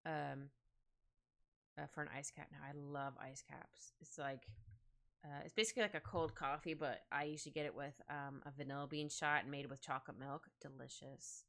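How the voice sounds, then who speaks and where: Woman, rambling and giggly, bright tone, casual chat while drawing. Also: low-pitched, fairly even intonation, moderate pace. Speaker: art streamer. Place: home streaming setup. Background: faint background music.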